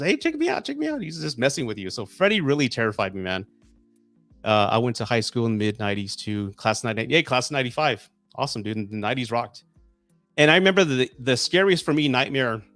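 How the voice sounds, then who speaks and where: A man in his forties hosting a casual live stream, chatting excitedly and getting emotional when viewers send gifts. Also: medium pitch, no room sound. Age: 40s.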